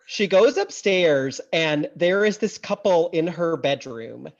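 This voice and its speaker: A woman co-hosting a podcast, recapping a film in casual chat, animated and laughing often, swearing in outrage. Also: low-pitched, slow. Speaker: podcast co-host. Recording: slightly dull lo-fi audio.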